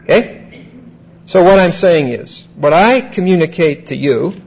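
A male pastor preaching a verse-by-verse sermon. He repeats key phrases, checks in with "Okay?", and slows down to stress key words. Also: on the high side, lively intonation, creaky, breathy edge, rough recording. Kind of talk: expository sermon.

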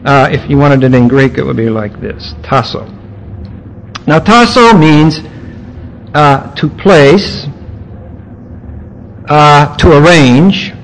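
A male preacher giving an expository sermon, teaching word by word with emphatic pauses. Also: a little high, lively intonation, low-quality recording. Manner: teacherly, explaining grammar point by point with emphatic pauses.

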